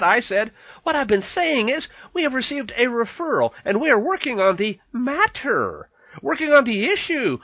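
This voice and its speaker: A man's voice: sits high, pushed and bright, dry recording, dull audio. Mocking, theatrical male commentator. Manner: mocking, theatrical, swinging emphasis. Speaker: political commentary host. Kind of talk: sarcastic news commentary.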